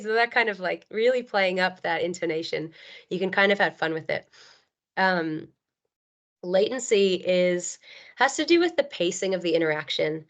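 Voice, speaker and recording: A woman's voice: lowish voice, normal speed. A woman in her thirties, an occupational therapist, giving an earnest webinar talk with many ums and you knows. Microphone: video call. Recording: dull lo-fi video call audio.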